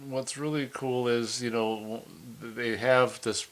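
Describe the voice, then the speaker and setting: A man's voice: medium pitch, fairly even intonation, takes it slowly. A man co-hosting a casual episode review, rambling, often restarting sentences and laughing easily. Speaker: podcast co-host. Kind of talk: casual movie review chat.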